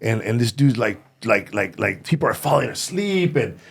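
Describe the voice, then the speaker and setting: A man, a former deputy sheriff, telling animated stories in casual chat, slipping into Spanish for quoted family. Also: fairly low pitch, moderate pace, creaky, husky. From family from Sinaloa and Durango. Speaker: podcast guest. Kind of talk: casual storytelling.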